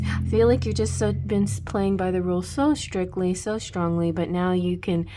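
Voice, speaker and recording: A woman with a fairly low voice talks through a tarot reading. She rambles loosely, circling back with restarts and small fillers as she thinks aloud. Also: measured pace, background noise. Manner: rambling, many restarts and "you know". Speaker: tarot reader.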